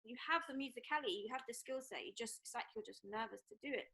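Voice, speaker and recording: Soft-spoken encouraging woman DJ. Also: on the high side, fast talker, breathy edge. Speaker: DJ guest. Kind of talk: casual podcast chat.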